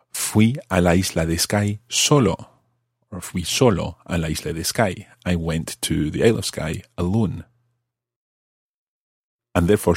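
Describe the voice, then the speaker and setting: A man, patiently explaining grammar with slow, worked examples on a language-learning podcast. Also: low-pitched, darkish tone, husky, no echo, clean studio sound. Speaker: language teacher.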